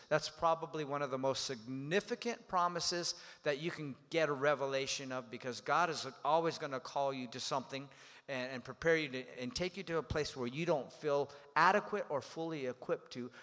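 High-voiced preaching man in a reverberant hall. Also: moderate pace. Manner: emphatic, calls on the congregation to repeat phrases; dynamic preaching with swings in loudness. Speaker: pastor. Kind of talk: sermon.

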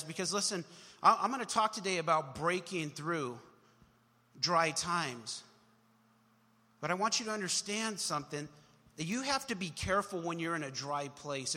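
A man's voice: sits high, pushed and bright, in a large hall. A man preaching a sermon in church, chatty and joking with the congregation, acting out little voices as he tells stories. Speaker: pastor. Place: church sanctuary.

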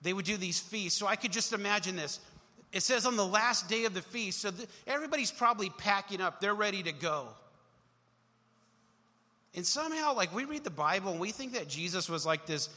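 A young adult male pastor preaching a sermon with emphatic swells, sometimes dropping low and then rising to shouts. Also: lively intonation, fairly quick. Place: church hall. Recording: long hall reverb.

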